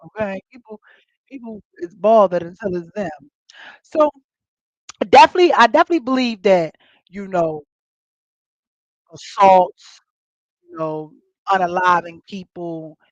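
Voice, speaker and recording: A woman's voice: on the low side, a little slow, long pauses, darkish tone, no echo, muffled recording. A woman hosting a casual chat with her audience, telling stories animatedly and acting out quoted lines with big jumps in her voice. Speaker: host.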